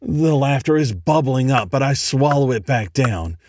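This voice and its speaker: A man reading a horror story aloud in a slow, dramatic, dread-filled way. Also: medium pitch, expressive. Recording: noisy home recording.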